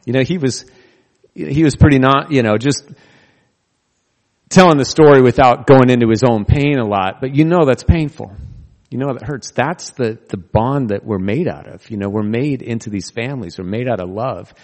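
A man's voice: medium pitch, moderate pace, darkish tone. A male pastor preaching a sermon, telling stories earnestly with touches of humor. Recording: long reverb of a large hall.

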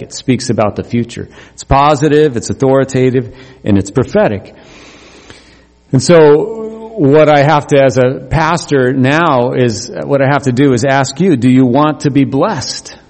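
A middle-aged man preaching a sermon as pastor, animated, climbing to emphatic highs. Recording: long hall reverb.

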